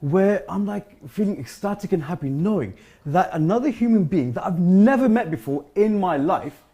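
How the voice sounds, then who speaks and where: A man appears as a guest on a charity broadcast and tells a story in a laid-back, jokey way. His voice sits a little high, and he keeps checking in with his listeners. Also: lively intonation, moderate pace, warm tone. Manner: laid-back, jokey, says "you know" and "right". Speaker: guest filmmaker and singer. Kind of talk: casual talk-show storytelling.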